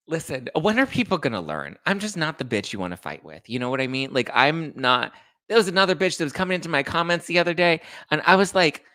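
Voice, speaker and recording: A man hosting a casual livestream and reading chat comments, sassy and quick to get fired up, with bursts of loud outrage. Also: a little high, sing-song, no room sound. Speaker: podcast host reading live chat.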